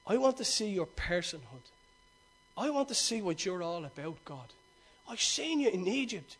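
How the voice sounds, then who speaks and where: A man preaching voices an awed ancient prophet pleading with God in a hushed, intimate tone. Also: very high-pitched, moderate pace.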